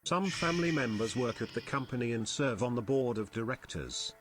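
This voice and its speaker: A male text-to-speech voice reading out viewers' chat messages in a flat synthetic manner. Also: medium pitch, fairly quick.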